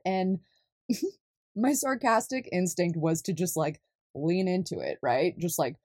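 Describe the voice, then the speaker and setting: A young woman from California, talking casually in a solo podcast, chatty and quick to laugh at herself. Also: fairly low pitch, a little mellow, dry recording, studio quality. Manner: chatty, laughs often, self-deprecating.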